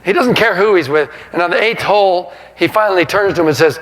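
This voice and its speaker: A man in his sixties, a sportswriter giving a talk, telling funny stories to a live audience in an animated way and laughing as he goes. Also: high-pitched, quick pace. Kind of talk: humorous storytelling to a live audience. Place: lecture hall. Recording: reverberant hall sound.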